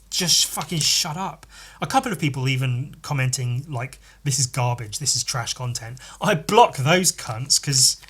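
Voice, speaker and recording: A man's voice: medium pitch, fairly bright tone, slight background noise. A man hosting a podcast, chatting casually and rambling while he draws, swearing freely and muttering to himself. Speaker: podcast host and artist. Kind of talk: casual chat while drawing.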